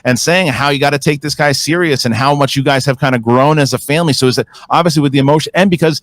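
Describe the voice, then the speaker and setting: An excitable male host runs an after-show, hyping up the result and throwing questions at the guests. His voice is fairly high. The recording is dry, with no room echo. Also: quick pace. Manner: excitable, hype commentary. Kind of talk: post-match show hosting.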